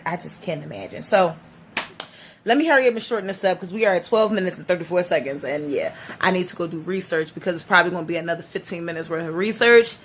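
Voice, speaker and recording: A woman's voice: fairly low pitch, fast talker, a little hiss or hum. A woman in her thirties speaking in a casual personal vlog, teary and rambling, with many restarts. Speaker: vlogger.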